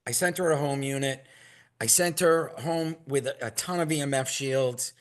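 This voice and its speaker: A man telling a long, rambling story in a casual, animated way and acting out what others said. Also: medium pitch, moderate pace. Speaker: product maker telling stories as a guest.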